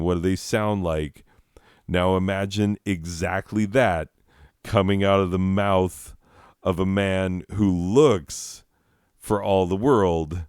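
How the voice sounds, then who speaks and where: A man with a low, smooth voice tells a loose, meandering story in unhurried podcast chat. He swears freely and chuckles between thoughts. The sound is close and dry. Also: darkish tone, no echo. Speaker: comedy podcast host. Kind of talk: rambling casual storytelling.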